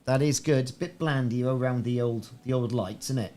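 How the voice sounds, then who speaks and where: A man's voice: mid-range voice, a little fast, mellow. A man chatting casually to viewers as a game streamer on a live stream, rambling and repeating himself. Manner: musing, repeats himself often. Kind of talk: live-stream gameplay chat.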